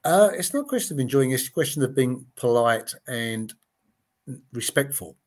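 A man's voice: mid-range voice, expressive, moderate pace. A man in his late sixties, a former TV gladiator, telling anecdotes in a casual interview and acting out the voices of the people he quotes. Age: 60s. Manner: chatty anecdotes, acts out quoted voices, frequent "you know".

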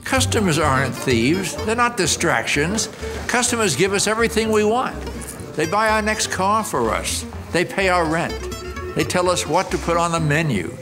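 An older man giving a motivational talk on customer service, an animated storyteller who acts out his anecdotes with punch before a live audience. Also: high-pitched, normal speed, over music.

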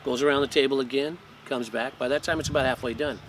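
A cannabis breeder hosting his own channel tells a story in a laid-back, profane way, tacking "man" onto the end of many phrases. His voice is mid-range, steady, fast and a bit bright. The audio is poor, with slight background noise.

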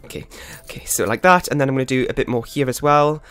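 A man's voice: mid-range voice, fast, a bit bright, smooth. Flustered man rambling over gameplay. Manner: flustered, rambling, self-critical. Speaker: gaming channel host. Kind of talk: live gameplay commentary. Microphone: desktop USB microphone.

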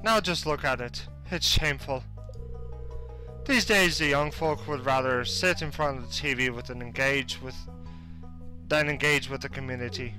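A man's voice: medium pitch, normal speed, bright, forceful tone, faint music behind, natural voice. A man voicing a nostalgic old male town mayor for a video game, putting on a mock Irish accent and an old-timer drawl. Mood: wistful.

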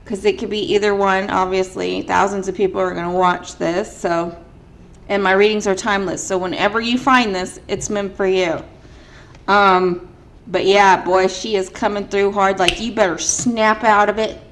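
A woman with a mid-range voice and flat delivery, at a moderate pace, gives a casual spiritual card reading straight to camera. The tarot reader is chatty and emphatic, saying "like" a lot as filler.

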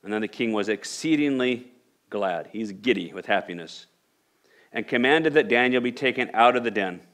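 A man's voice: mid-range voice, animated, normal speed, a bit bright. A male pastor preaching a sermon, reading scripture aloud and building to emphatic rhetorical questions. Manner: repeats and restarts phrases while reading scripture aloud.

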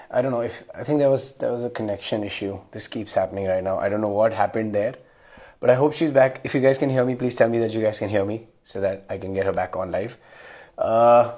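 A man's voice: medium pitch, a little mellow. A young man hosting a live video stream, chatting casually, laughing often and greeting viewers by name.

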